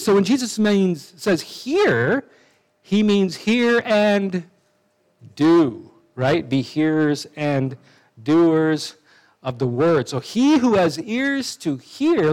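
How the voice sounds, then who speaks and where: A man's voice: sits high, low-quality recording. A man preaching a sermon in a conversational way, with asides and restarts.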